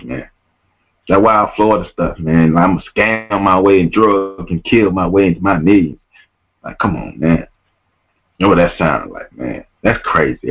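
A man's voice: lowish voice, highs cut off. A man hosting a podcast, ranting emphatically and repeating his words and phrases. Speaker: podcast host. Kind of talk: podcast rant.

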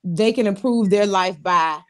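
A woman co-hosting a casual talk show, animated and laughing often. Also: medium pitch, a little slow. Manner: animated, laughs often, talks to the audience directly. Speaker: podcast co-host. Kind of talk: casual chat.

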